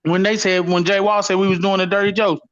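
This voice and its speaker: A man hosts a rowdy call-in chat, spinning war stories full of curses and bursts of laughter. His voice sits on the higher side. The sound is dull and lo-fi, like a call recording. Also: quick pace. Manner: profane, laughing, animated storyteller. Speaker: host. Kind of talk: casual storytelling chat.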